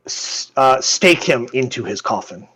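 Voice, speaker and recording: A man voicing a female vampire duchess, an aristocrat who speaks calmly and wearily in a soft voice. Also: medium pitch, a little slow, breathy edge. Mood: cool.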